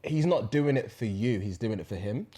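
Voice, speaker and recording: Easygoing podcast co-host. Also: male voice, medium pitch, animated, moderate pace, warm tone, slightly rough. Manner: easygoing, agreeable, swears casually. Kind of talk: casual chat.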